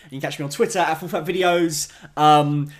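A man's voice: a little high, fairly quick. Giggly podcast host man. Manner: laughing, animated storytelling. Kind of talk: casual podcast chat.

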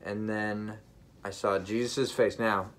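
A man earnestly telling a personal spiritual testimony straight to his viewers, emphatic and halting with frequent restarts. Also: fairly low pitch, fairly even intonation, fairly bright tone. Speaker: vlogger sharing a vision.

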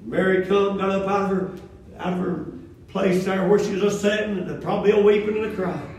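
A man's voice: sits high, fairly even intonation, fairly quick, darkish tone. A middle-aged man preaching a sermon in a church, folksy and conversational with call and response. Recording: echoey room from far off.

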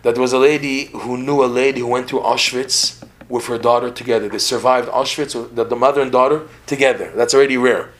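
A man of middle pitch teaching in a relaxed podcast conversation. He tells stories with lively energy, doubling back on words as he goes and laughing now and then. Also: fairly quick, slight background noise. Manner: animated, repeats words, laughs while telling stories. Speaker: religious teacher.

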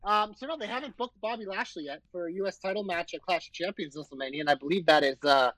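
A man's voice: high-pitched, fast, fairly bright tone, poor audio. A man co-hosting a wrestling podcast, chatting casually, teasing and swearing now and then. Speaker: podcast co-host.

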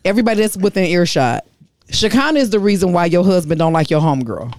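A woman's voice: fairly low pitch, quick pace. A woman co-hosting a casual gossip chat, blunt and profane, telling stories with lots of energy. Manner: blunt, profane, animated storytelling. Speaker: podcast co-host.

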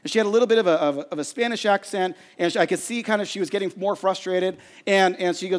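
A middle-aged pastor with a voice high for a man preaches briskly from a church stage. His storytelling sermon is animated and self-deprecating, and his words trail off in the long reverb of a large hall.

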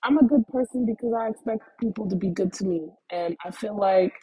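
A young woman in her twenties talking casually to her viewers in a loose, animated ramble, swearing freely and calling them y'all, a little stuffy with the sniffles. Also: medium pitch, brisk, a little hiss or hum, rough recording. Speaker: vlogger.

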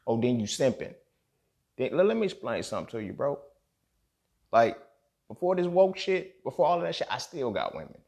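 A man's voice: medium pitch, very animated, a little fast, vocal fry, long pauses, darkish tone. A man hosting a podcast, venting in an impassioned solo monologue, angry and emotional, emphatic and profane, often checking in with "you feel me". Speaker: podcast host.

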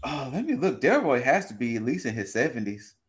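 A man's voice: mid-range voice, sing-song, fairly quick. A man co-hosting a casual movie review chat, talking with gushing enthusiasm. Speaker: podcast co-host.

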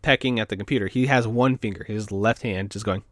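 A man's voice: on the low side, a little fast, very noisy. A man casually telling a story, rambling with lots of fillers and swearing. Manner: rambling, filler-heavy, profane.

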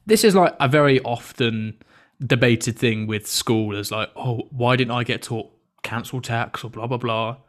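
A young British man hosts a podcast in a mid-range voice at a measured pace. He tells stories through casual banter and teases his guest with a chuckle.

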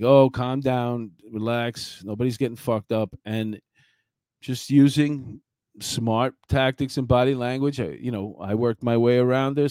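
A man's voice: mid-range voice, darkish tone, dry recording. A middle-aged man, a former police officer telling a story in a blunt, rambling way with many fillers. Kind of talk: casual storytelling commentary.

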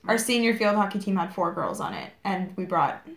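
A woman's voice: mid-range voice, animated, fairly quick, vocal fry, roomy sound. A young woman in casual chat, making dry, wry remarks. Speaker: podcast panelist.

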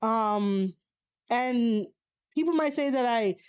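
A woman in a casual, opinionated chat, reading viewers' comments aloud and answering them. She swears bluntly, uses a lot of fillers and laughs often, with sudden high-pitched exclamations. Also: lively intonation, slow pace, smooth. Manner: blunt and profane, frequent fillers.

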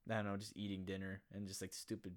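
A man chatting casually with friends, joking and rambling, now and then bursting into loud mock-angry impressions. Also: low voice, monotone, fast talker. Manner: jokey, bursts into shouted impressions. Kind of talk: casual chat.

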